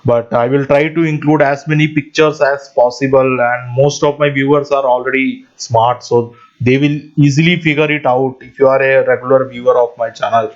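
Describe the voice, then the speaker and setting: A man's voice: mid-range voice, fairly even intonation, moderate pace. A man hosting his own channel, rambling in a casual monologue with frequent little laughs and constant asides to his viewers, speaking English as a non-native speaker. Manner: rambling, often laughs mid-sentence, keeps addressing viewers as guys. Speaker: channel host. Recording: dull lo-fi audio.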